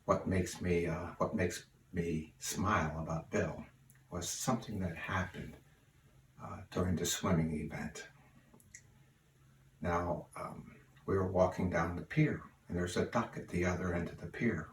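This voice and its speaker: An older man sharing memories of his cousin in an unhurried, folksy way with plenty of fillers, recorded at home. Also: low voice, steady tone. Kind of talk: spoken remembrance. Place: room at home. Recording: roomy, distant mic, faint hiss.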